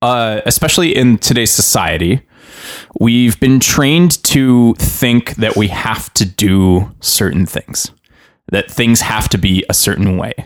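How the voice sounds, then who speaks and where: A man's voice: lowish voice, a little slow. A man co-hosting a podcast who rambles reflectively in casual chat, with restarts and chuckles. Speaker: podcast co-host.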